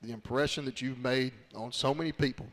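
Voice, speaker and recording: A man's voice: mid-range voice, fairly even intonation, brisk, fairly bright tone, long reverb tail. A man hosting a live radio show, affectionate and getting emotional as he asks his guest questions. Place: bar and grill.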